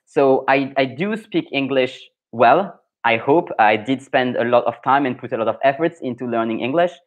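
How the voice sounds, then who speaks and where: A man's voice: medium pitch, normal speed, highs cut off. A young adult man with a French accent, a French pronunciation coach chatting through a live Q&A lesson, thinking aloud with many fillers and restarts.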